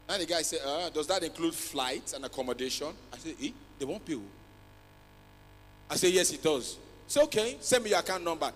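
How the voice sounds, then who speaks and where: Nigerian male stand-up, slightly high voice, Pidgin-English mix with loud outbursts, live hall with faint music underneath. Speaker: stand-up comedian. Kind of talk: stand-up comedy routine. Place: large live comedy festival stage.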